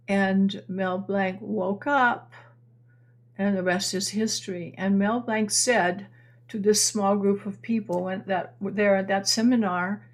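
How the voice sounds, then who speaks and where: An older woman hosting an astrology live stream, telling a long story in a chatty, meandering way with many restarts and answering viewer comments. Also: medium pitch. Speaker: astrology channel host.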